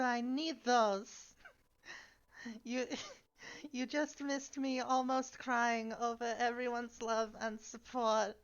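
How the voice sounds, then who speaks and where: A woman's voice: a little high, steady tone, takes it slowly, clear, resonant tone, muffled recording. A woman streaming a strategy game, giving casual commentary in a fussy, polite way and often sighing "oh dear".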